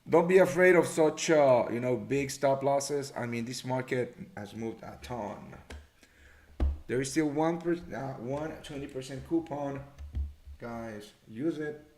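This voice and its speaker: A man's voice: medium pitch, a little slow, darkish tone. A man hosting a live trading show, chatting casually, thinking aloud, muttering figures and swearing now and then. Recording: echoey room.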